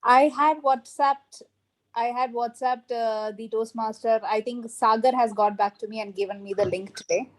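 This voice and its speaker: A woman's voice: fairly high pitch, fairly even intonation, normal speed, poor audio. A woman who is a new member of the club, speaking politely and a bit hesitantly over a video call.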